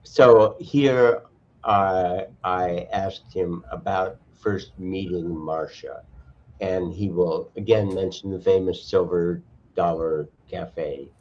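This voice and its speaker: Older man, very low voice, slow, halting, thoughtful, dull lo-fi video call sound. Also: steady tone, darkish tone. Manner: halting, thoughtful, frequent restarts. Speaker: cultural historian and archivist guest. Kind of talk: casual online conversation.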